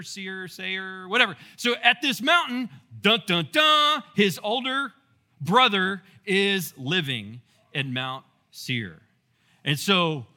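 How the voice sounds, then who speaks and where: A male pastor giving a casual Bible teaching, telling the story in a playful, animated way with asides to the congregation. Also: sits high.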